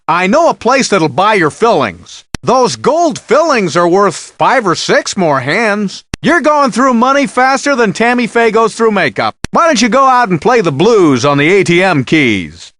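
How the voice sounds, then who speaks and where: A man's voice: high-pitched, a bit bright. An actor playing a sarcastic male blackjack dealer in a video game, teasing the player with one-liners.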